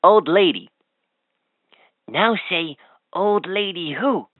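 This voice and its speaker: A cheerful talking toy who coaxes the listener through knock-knock jokes. She speaks slowly in a sing-song, lively pitch. The sound is thin and tinny, as from a toy speaker. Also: dry recording. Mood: coaxing. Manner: coaxing, prompting the child to answer.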